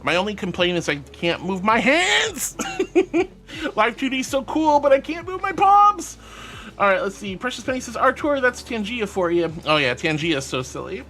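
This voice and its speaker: A man's voice: sits high, bright, forceful tone. A man streaming live and reading out chat, bubbly and affectionate, calling viewers sweetie.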